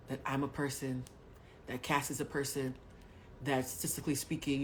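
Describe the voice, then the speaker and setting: A woman's voice: extremely low pitch, a little hiss or hum. Blunt, profane woman from Haiti. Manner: blunt and profane, swings from loud bursts to hushed asides. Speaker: spiritual coach hosting a livestream. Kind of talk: candid livestream storytelling. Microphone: webcam or phone mic on a home livestream.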